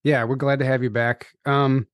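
A man's voice: mid-range voice, little pitch movement, moderate pace, clear, resonant tone, no room sound. A man hosting a podcast, reading the promos and interviewing a guest in a casual, upbeat way with frequent fillers. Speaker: podcast host.

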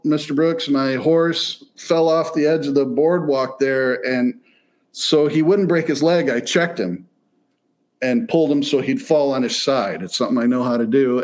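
Man, from Michigan, casual storytelling, profane, animated, quotes people in their voices. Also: medium pitch, moderate pace. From Michigan, near Detroit.

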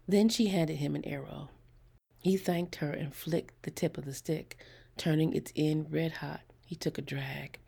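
Husky, gravelly woman narrating a story. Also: low voice, fairly even intonation, a little slow, mellow. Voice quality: husky, gravelly, half-whispered. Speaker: audiobook reader.

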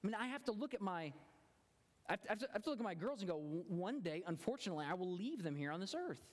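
A man's voice: sits high, very animated, very fast, big-room sound. A man preaching a sermon as a pastor, earnest and often repeating words as he searches for them.

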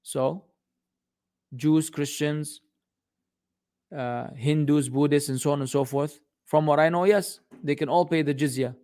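A man's voice: fairly high pitch, fairly even intonation, unhurried, long pauses, mellow. A man hosting a casual question-and-answer session, blunt and exasperated, joking around and dropping Arabic phrases into his talk. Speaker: host answering viewer questions. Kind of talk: casual live Q and A.

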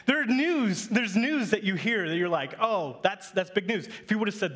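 A man's voice: high voice, animated, normal speed, fairly bright tone. A male pastor in his thirties giving a sermon, telling a playful family story to his congregation.

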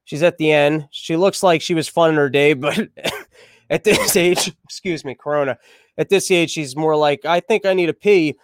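A podcast host with a voice on the high side riffs on the news at a moderate pace in a crude, irreverent, rambling style. It's comedic news commentary with no room sound in the recording.

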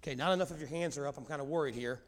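A middle-aged preacher with a drawl, his voice pitched high for a man. He tells stories with animated swings between loud bursts and hushed confession. His words ring out with a long reverb from a large hall. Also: very fast. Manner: animated storytelling, swings from shouting to quiet. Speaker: pastor. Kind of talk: sermon with personal stories.

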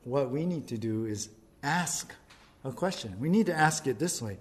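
A man's voice: mid-range voice, expressive, normal speed. A male pastor giving a casual, conversational sermon and often speaking to the crowd as "you guys". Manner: conversational preaching, addresses the audience as "you guys".

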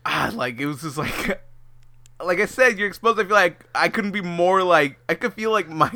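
A man's voice: sits high, animated, normal speed, sharp tone, dry recording, clean studio sound. A young man, son of Hispanic immigrants, telling an awkward story on a podcast, laughing often and swearing freely. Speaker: podcast host. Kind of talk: casual storytelling chat.

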